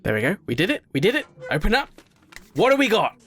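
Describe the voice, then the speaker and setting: A young man giving casual let's-play commentary on a game, rambling, excitable, sometimes shouting and swearing at what happens. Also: sits high, quick pace, slight background noise. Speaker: gaming video host.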